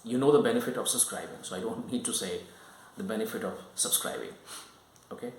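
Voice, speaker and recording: A man's voice: on the low side, fairly quick, a little hiss or hum. A man giving an online English lesson, explaining step by step and often checking in with "right?" and "okay?". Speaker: English teacher. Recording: roomy echo.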